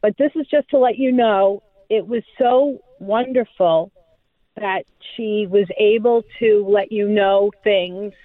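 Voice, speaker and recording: A woman's voice: medium pitch, slow pace, dry recording. A woman calling into a talk show, speaking earnestly and with feeling. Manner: earnest, heartfelt. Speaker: caller. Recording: tinny phone line.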